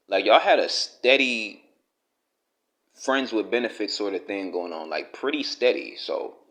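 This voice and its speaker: A man's voice: mid-range voice, fairly bright tone. A man with delivering a blunt, profane, scolding rant to the camera, talking straight at the person he criticizes. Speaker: commentary vlogger.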